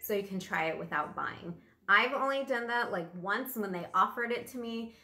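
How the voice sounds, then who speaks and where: The speaker is a middle-aged vlogger making casual, meandering conversation as she unboxes a pack, quick to be amused. She has a sharp-toned, mid-range voice at normal speed, recorded with roomy echo and faint music playing.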